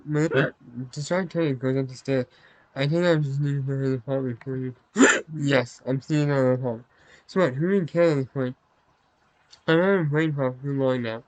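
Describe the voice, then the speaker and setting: A man's voice: medium pitch, steady tone, moderate pace, no echo, rough recording. Man narrating a story game, dry. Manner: apologetic, self-conscious aside. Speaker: gameplay narrator.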